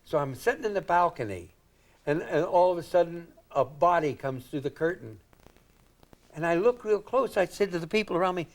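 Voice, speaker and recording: Brief: older male comedian, rambling anecdotal storyteller, lightly high voice. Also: expressive, fairly quick. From Indiana, United States. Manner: rambling and chuckling, acts out quotes. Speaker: guest comedian. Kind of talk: anecdotal talk-show storytelling.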